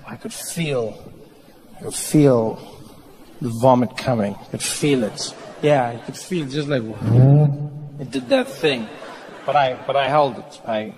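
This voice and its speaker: A man with a South African accent doing stand-up comedy, telling an animated story and jumping into voices. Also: mid-range voice, big-room sound, low-quality recording. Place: stage in a live venue with a laughing audience. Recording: live crowd and faint noise.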